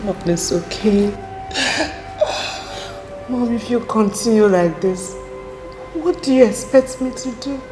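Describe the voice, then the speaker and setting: A woman's voice: on the high side, slow, pauses often, low-quality recording. An actress playing a distressed young woman comforting her crying mother. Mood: soothing. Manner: soothing, tearful, pleading. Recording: music playing behind.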